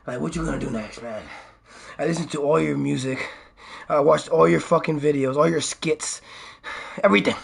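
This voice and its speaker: A young man with a high, light voice streams live and talks straight to his chat. He is excitable and curses freely. He lurches from sudden loud outbursts down to quiet grumbling asides. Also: vocal fry, a little hiss or hum. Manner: excitable, swears a lot, jumps from loud outbursts to low mutters. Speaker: livestreamer. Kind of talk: casual livestream chat.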